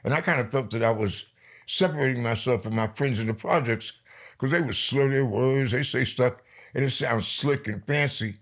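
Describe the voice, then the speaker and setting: An older man from New York, a poet being interviewed, telling stories in a lively way and slowing down for emphasis. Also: mid-range voice. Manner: lively storyteller, slows down for emphasis. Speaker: poet guest. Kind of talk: storytelling interview.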